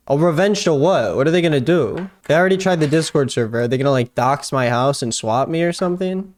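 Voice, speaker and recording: A man's voice: fairly high pitch, a little fast, hardly any pauses, darkish tone. A young man reacting to a video on a live stream, talking casually and sounding exasperated. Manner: exasperated, casual, laughs often.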